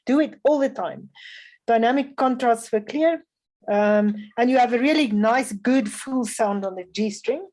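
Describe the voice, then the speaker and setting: A woman's voice: fairly high pitch, a little mellow, low-quality recording. Woman giving music feedback. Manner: measured, instructive, frequent um fillers. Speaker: music festival adjudicator. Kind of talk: spoken feedback to young violinists.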